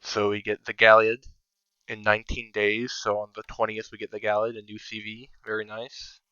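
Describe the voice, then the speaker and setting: A man's voice: fairly low pitch, completely flat delivery, moderate pace, sharp tone, clean tone, no room sound, highs cut off. A man giving casual, think-aloud commentary over his own strategy game, sometimes counting under his breath. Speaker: strategy game video creator.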